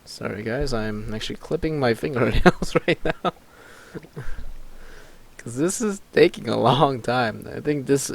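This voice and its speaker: A man hosting a let's play, reading the game's chat aloud with quick asides and frequent laughs. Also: medium pitch, animated, creaky, a little hiss or hum.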